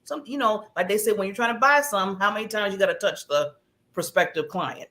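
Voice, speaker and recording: Female co-host, casual chat, animated storyteller, laughs easily. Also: medium pitch, a little fast. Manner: animated storytelling, acts out quotes, laughs often.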